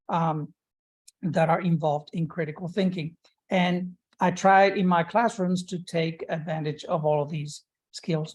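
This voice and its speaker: A male professor giving an academic conference presentation, measured and explanatory, with frequent "uh" and "um" fillers and restarts. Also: high-pitched, darkish tone.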